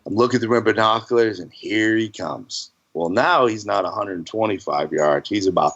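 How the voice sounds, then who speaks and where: A man's voice: on the low side, normal speed, a bit bright, muffled recording. A man tells a long story in a casual, rambling way. His delivery is folksy, and he laughs through it now and then. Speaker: hunting guest.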